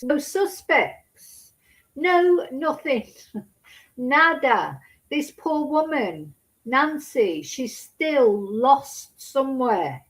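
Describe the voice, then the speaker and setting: A woman's voice: high voice, low-quality recording. A woman gives casual true crime commentary, indignant and sarcastic, scolding as she talks.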